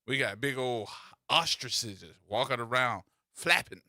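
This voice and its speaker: A man's voice: medium pitch, unhurried, pushed and bright, dry recording, studio quality. A man hosting a radio talk show, teasing and telling stories in a playful way.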